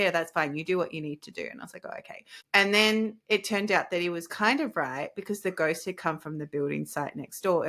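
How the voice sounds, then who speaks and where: A woman host telling a personal story in casual conversation, acting out the voices of the people in it. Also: lowish voice. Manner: animated, acts out quoted voices. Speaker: podcast host and energy healer.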